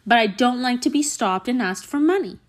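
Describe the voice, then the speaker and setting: A young woman with a high voice talks in a playful put-on Southern accent. She rants alone on her podcast, swearing freely and sounding exasperated and emphatic. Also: expressive, brisk. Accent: put-on mock Southern US. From Canada. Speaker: podcast host. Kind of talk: solo comedic storytelling rant.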